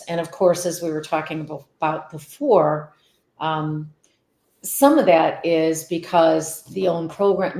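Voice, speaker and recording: A woman's voice: low voice, echoey room. A woman guest on a faith podcast, talking about children's activities in an earnest, emphatic way. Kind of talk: conversational interview.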